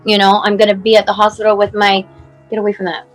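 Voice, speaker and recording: Loud music sits behind this poorly recorded woman in her forties, who speaks fast and monotone in a mid-range voice. As a guest on a clip-on mic, she gives a rambling, emotional account of her son's story, filled with "like" and "you know."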